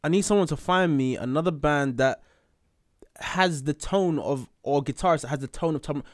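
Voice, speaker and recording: A man hosting a music reaction show, chatting casually and reading viewer comments aloud in a playful, animated way. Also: medium pitch, no room sound, studio quality. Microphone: headphones on, close mic.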